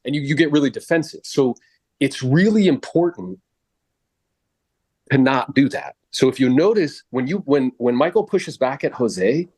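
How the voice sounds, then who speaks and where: A man coaching real estate agents on a podcast, talking in a blunt, animated way with casual swearing. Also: mid-range voice, normal speed, breathy edge.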